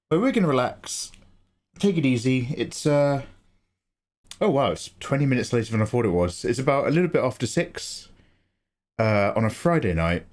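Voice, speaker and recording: A man with a medium-pitched, darkish voice hosts a casual art livestream. He chats with viewers, greeting them by name, and laughs often.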